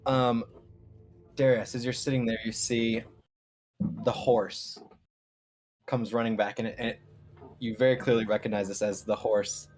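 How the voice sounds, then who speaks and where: A man narrating as game master of a live tabletop game, in a relaxed, loose way. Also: mid-range voice, moderate pace, pauses often, a little hiss or hum.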